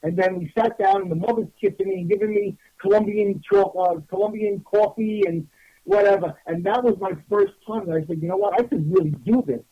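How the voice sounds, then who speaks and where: Casting: husky, slightly high man telling a rambling story on a lo-fi radio show. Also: a little fast, dry recording. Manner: animated, rambling, many restarts. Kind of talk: casual storytelling. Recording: dull lo-fi radio audio.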